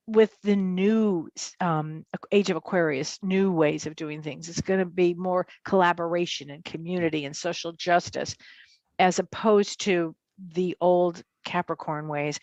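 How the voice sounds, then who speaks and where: A woman co-hosting a show, speaking earnestly about astrology and spiritual awakening in an unhurried, conversational way. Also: medium pitch, no room sound, lo-fi sound. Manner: earnest, unhurried, with frequent affirming murmurs. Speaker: co-host and spiritual medium. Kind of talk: casual spiritual chat.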